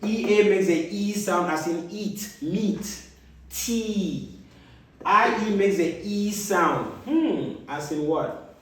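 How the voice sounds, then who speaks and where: A man teaching a phonics lesson, repeating letter sounds and example words slowly, recorded in an echoey room. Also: high voice, recorded from a distance. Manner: slow, drawn-out repetition of sounds and example words. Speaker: reading teacher.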